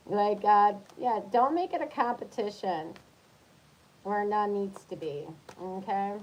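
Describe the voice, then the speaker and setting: A woman's voice: mid-range voice, slow pace, a little hiss or hum, poor audio. A woman who is a tarot reader, giving a casual reading for zodiac signs in a chatty, coaching tone and checking in often with her listeners.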